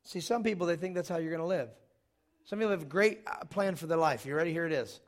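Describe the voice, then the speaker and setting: High-voiced preacher, loud and emphatic. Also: male voice, quick pace. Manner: emphatic, swings between loud scripture reading and joking asides. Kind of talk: sermon with humor. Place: church, live congregation.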